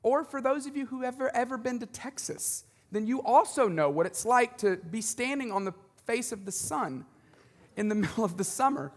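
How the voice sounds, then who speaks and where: A man with a high voice delivers a sermon in a lively, conversational way, tossing in quick jokes and asides. His voice carries the long reverb of a large church auditorium. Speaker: pastor.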